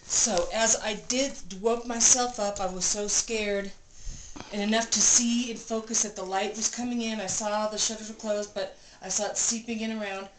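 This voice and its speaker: A woman vlogger in a cabin room, telling a personal story in an animated, breathless way and repeating phrases for emphasis. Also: medium pitch, normal speed. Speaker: vlogger recounting an experience. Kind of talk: casual storytelling. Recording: roomy room with clear background noise.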